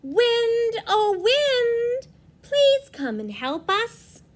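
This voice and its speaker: A woman voicing a cheerful female autumn leaf in a storybook read-aloud, high and sing-song, calling out. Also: expressive, takes it slowly, warm tone, exaggerated voice. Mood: cheery.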